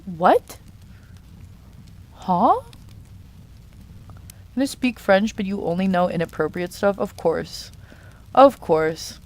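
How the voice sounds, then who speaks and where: A young woman chatting casually on a live stream while she draws, playfully reading and answering chat messages. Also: medium pitch. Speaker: art streamer.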